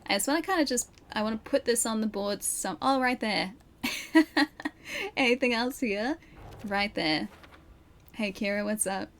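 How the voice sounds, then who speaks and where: On a casual live stream from her home room, a young woman plays a game at her PC, often laughing and reacting. She speaks at normal speed in a voice on the high side, leaving long pauses.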